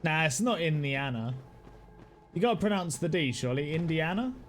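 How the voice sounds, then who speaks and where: A young British man streaming a game, rambling casually, swearing freely, laughing often and shouting at the game now and then. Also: fairly high pitch, expressive, moderate pace, soft background music. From United Kingdom. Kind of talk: casual live-stream chat while gaming.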